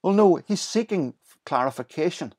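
A man preaching a sermon, explaining the scripture passage in a lively way and voicing the quoted lines. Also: fairly high pitch, moderate pace.

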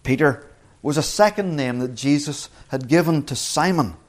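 Earnest male preacher giving a sermon. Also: fairly high pitch. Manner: earnest, slows and rises on scripture quotes.

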